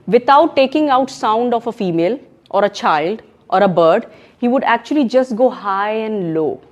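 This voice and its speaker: A woman with a Pakistani accent giving an emphatic, animated talk on public speaking at a club meeting. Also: mid-range voice. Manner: emphatic and animated, mixing in Urdu phrases. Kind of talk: education session talk. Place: meeting room in a co-working space.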